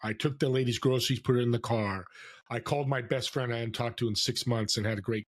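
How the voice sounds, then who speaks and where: A man telling stories as a podcast guest, lively and acting out the voices of people he quotes. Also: mid-range voice, fast talker. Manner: animated storyteller, acts out quoted voices. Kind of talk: storytelling interview. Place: California.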